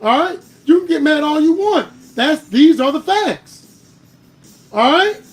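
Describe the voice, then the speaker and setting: A man with a very high voice hosts a political commentary livestream, arguing hard and hammering his points home with repeated "All right?". He's heated and argumentative, building to louder bursts, with lively intonation and a measured pace.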